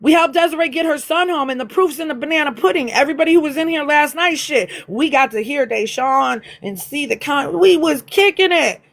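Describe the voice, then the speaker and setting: High-voiced woman ranting live. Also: expressive, brisk, gravelly, hardly any pauses, a bit bright. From US Midwest, near Chicago. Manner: blunt, profane, fired-up. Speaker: livestream host. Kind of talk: heated casual livestream rant.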